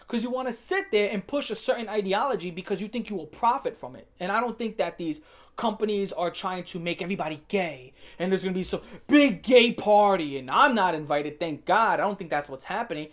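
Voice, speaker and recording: A woman hosting her own channel, delivering an emphatic, sarcastic opinion rant and mocking the people she talks about. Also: medium pitch. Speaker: channel host.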